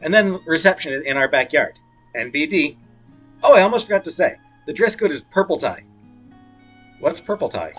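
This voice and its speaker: A man's voice: a little high, expressive, a little fast, fairly bright tone, faint music behind. A man playing a video game and reading its dialogue aloud, with playful, jokey asides. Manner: playful, jokey asides between read lines. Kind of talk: let's play, reading dialogue in character voices.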